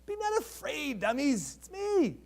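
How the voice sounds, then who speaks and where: A man's voice: extremely high pitch, big pitch swings, creaky, voice pushed up, exaggerated voice. A man voicing Jesus as he calls out teasingly to his frightened friends in a sermon retelling. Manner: playful, drawn-out, teasing.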